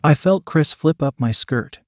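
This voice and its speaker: A man narrating a first-person story as a scripted reading, in an even, steady manner. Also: on the high side, measured pace, no echo, clean studio sound.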